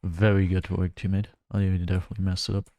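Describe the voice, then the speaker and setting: A man's voice: low voice, flat delivery, fast talker, mellow, no echo. A male streamer chatting casually while playing a game, rambling and laughing often. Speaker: gaming streamer. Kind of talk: casual gameplay commentary.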